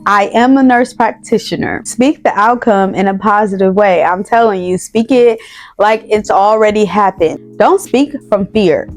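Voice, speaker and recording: A woman in her thirties, a nurse practitioner, gives casual motivational advice to camera, stressing and repeating her key points. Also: fairly high pitch. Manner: emphatic, repeats key phrases, speaks straight to viewers.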